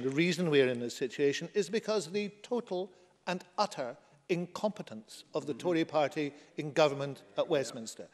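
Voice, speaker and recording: A man from Scotland, a government minister, delivering a formal parliamentary statement and rebuttal in a forceful, combative debating manner. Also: fairly high pitch, lively intonation, a little fast. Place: debating chamber. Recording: long chamber reverb.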